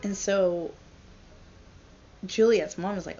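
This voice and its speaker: A woman's voice: mid-range voice, unhurried, creaky. A woman vlogger and parent retelling a classic story in a blunt, profane, chatty way, in a dull lo-fi recording.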